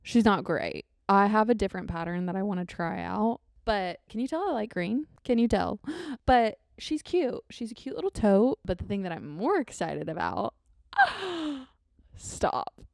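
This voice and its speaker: A woman's voice: mid-range voice, lively intonation, a little fast, creaky, hardly any pauses, darkish tone, dry recording, clean studio sound. A young woman hosting her own podcast in a bubbly, rambling, easily sidetracked chat. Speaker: podcast host. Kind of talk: casual solo podcast chat.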